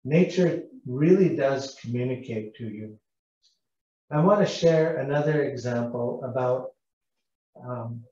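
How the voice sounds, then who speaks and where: A man from British Columbia leads a storytelling lesson, speaking slowly and gently and asking his young listeners questions. His voice is mellow and relaxed. The sound is echoey, distant and a little dull. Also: medium pitch. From British Columbia, Canada. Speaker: Indigenous cultural interpreter.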